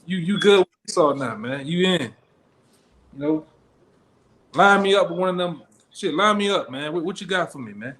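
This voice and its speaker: A man's voice: on the high side, lively intonation, normal speed, pauses often, fairly bright tone, a little hiss or hum. A man preaching in a blunt street style, firing challenging questions at his listeners.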